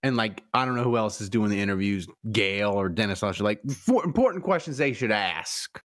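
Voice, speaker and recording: A man's voice: on the low side, lively intonation, brisk, a bit bright. A man hosting a casual sports podcast, joking, laughing often and trailing off mid-sentence. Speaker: podcast host.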